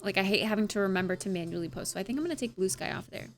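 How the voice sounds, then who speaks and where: A woman's voice: medium pitch, very fast. A young woman streamer wrapping up her live stream in casual, rambling chat, with lots of filler sounds and playful asides. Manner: playful, tries out accents.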